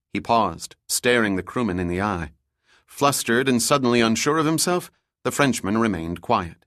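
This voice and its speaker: A man narrating an audiobook thriller in a steady, measured storytelling manner. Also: fairly low pitch, no echo, studio quality. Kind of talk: scripted narration.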